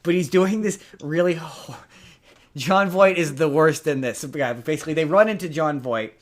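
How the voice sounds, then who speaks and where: Male podcast co-host, slightly higher voice, halting, rambling delivery. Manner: rambling, halting with many restarts. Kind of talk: casual chat.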